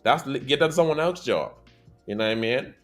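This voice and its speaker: A man hosting a casual anime podcast, telling stories in an animated way that swings between loud and quiet. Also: mid-range voice, normal speed, faint music behind. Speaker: podcast host.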